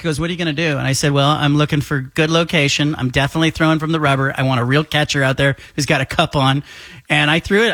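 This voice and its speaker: A man telling a lively anecdote on a talk show, acting out the voices of the people in it. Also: fairly high pitch, no echo, clean studio sound. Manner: animated, acts out quoted voices. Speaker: guest. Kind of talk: casual storytelling.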